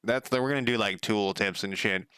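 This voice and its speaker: A man's voice: lowish voice, brisk, pushed and bright, smooth, dry recording. A man giving rambling, profane casual commentary while coding on a live stream, laughing at himself. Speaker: game developer streaming his work.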